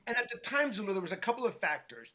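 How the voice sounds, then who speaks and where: A middle-aged man with a high, bright voice recounts his past in a relaxed interview. He gets animated, slips into the voices of people he quotes, and keeps tossing "right?" to his listener. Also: rapid-fire. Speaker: guest, hair stylist. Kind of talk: casual storytelling interview.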